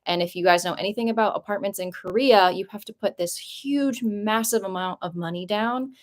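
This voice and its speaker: A woman's voice: mid-range voice, a little fast. Young woman, casual live-stream chat, rambling, lots of "like", emotional, apartment vlog. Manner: chatty and rambling, heavy use of "like"; emotional, voice jumps up when moved. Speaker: vlogger answering viewer questions. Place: her apartment.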